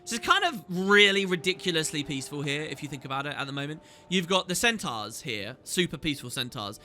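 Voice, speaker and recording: Male gaming host, bright and fairly high voice, chatty, enthusiastic commentary, faint game music behind. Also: big pitch swings, brisk. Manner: chatty, enthusiastic, reads dialogue aloud. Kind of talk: casual gameplay commentary.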